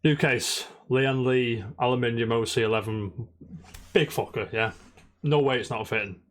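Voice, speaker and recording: A podcast co-host with a medium-pitched, fairly bright voice and fairly even intonation speaks at a moderate pace. In this casual chat he tells a long, rambling story, swearing constantly.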